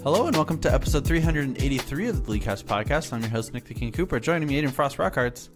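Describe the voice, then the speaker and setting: A man's voice: mid-range voice, lively intonation, racing, over music. A man hosting a gaming podcast in a loose, joking casual chat, laughing easily with his co-hosts. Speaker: podcast host.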